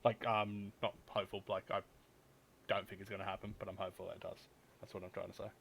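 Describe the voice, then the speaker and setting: A man's voice: sits low, level tone, fast, vocal fry, slight background noise. Sweary man hosting a podcast. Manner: swears a lot, loud bursts of laughter and outrage. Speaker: podcast host. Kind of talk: casual chat.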